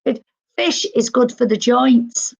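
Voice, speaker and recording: A woman's voice: fairly high pitch, measured pace, gravelly, darkish tone, husky, dull audio. A woman working as a medium, relaying spirit messages live and acting out what she is told. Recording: livestream.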